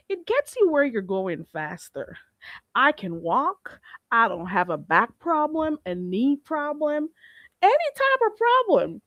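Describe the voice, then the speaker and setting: A woman hosting a casual livestream, animated, laughing often and greeting chatters on a close mic. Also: high-pitched, takes it slowly, dry recording, lo-fi sound. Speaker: livestream host.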